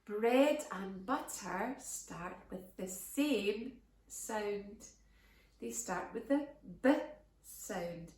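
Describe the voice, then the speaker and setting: A woman teaching phonics to toddlers in a slow, exaggerated sing-song way. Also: medium pitch, reverberant, distant mic. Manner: very slow, exaggerated and animated, stretching words.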